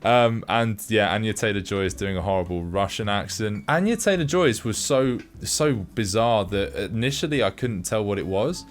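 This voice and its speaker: A man co-hosting a podcast, chatting casually about films in a rambling, halting way with many restarts. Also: on the low side, lively intonation. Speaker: podcast co-host. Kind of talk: casual film review chat.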